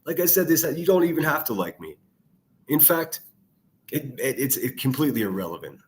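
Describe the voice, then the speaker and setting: A man's voice: fairly high pitch, sing-song, fairly quick. A man ranting angrily over clips he plays, swearing heavily and hurling insults as a commentary youtuber. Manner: angry, profane, shouting insults.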